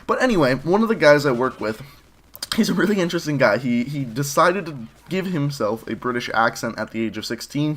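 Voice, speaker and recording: A man's voice: fairly high pitch, fairly bright tone. A young man talking casually over gameplay footage, rambling with fillers and restarts as he shares his thoughts. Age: young adult. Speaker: gaming commentary host.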